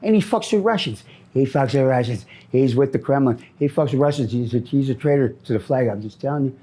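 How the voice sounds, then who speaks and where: A man's voice: medium pitch, steady tone, fast talker, mellow. A middle-aged man from Minnesota answering interview questions on the street, rambling, repeating himself and often ending with "man.".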